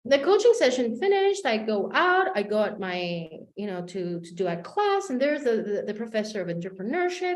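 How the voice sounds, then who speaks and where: Animated woman coach telling a story. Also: on the high side, normal speed, few pauses, reverberant. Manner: animated storyteller acting out dialogue. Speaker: life coach. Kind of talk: motivational storytelling talk.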